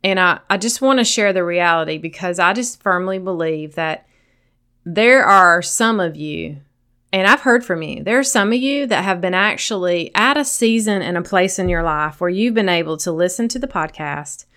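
A woman's voice: fairly low pitch, normal speed, pushed and bright, clear, resonant tone. A woman with a Southern accent hosting a solo podcast, speaking earnestly and encouragingly straight to her listeners. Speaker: podcast host.

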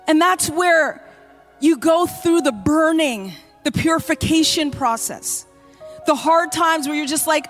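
A woman's voice: sits high, a little slow, a bit bright, soft background music. A woman pastor preaching a sermon in a church, passionately acting out cries of prayer.

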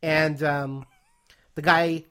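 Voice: medium pitch, level tone, very slow, pushed and bright. A podcast co-host retelling TV scenes in a casual, rambling way with many fillers. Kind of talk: casual chat about a TV show.

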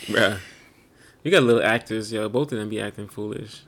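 A man co-hosting a casual podcast, telling lively family stories and acting out voices. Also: fairly low pitch, brisk, slight background noise. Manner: animated storyteller, acts out voices. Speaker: podcast co-host. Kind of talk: casual chat.

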